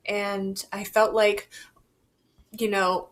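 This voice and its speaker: A young woman vlogging to camera, talking in a halting, reflective and candid way, swearing casually. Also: medium pitch, fairly bright tone. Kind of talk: personal confessional vlog.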